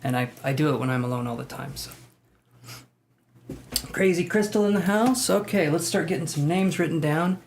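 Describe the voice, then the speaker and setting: A man's voice: fairly high pitch, fairly even intonation, fast talker, gravelly, slight background noise. Chatty man hosting a live tarot stream. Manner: chatty, greets viewers by name, joking and self-deprecating. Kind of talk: casual live-stream chat.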